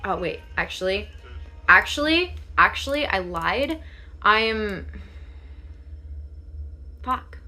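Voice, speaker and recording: Bright, chatty young woman streaming. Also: mid-range voice, big pitch swings, slow, pauses often, faint music behind. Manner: chatty, rambling, laughs often, swears casually. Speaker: livestreamer. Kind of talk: casual livestream chat.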